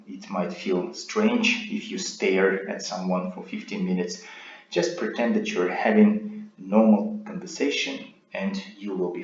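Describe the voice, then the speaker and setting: A man giving a recorded speaking lesson as a teacher, explaining in a measured way and checking in with "right?". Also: deep voice, a little hiss or hum. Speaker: IELTS teacher. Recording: roomy, dull lo-fi sound.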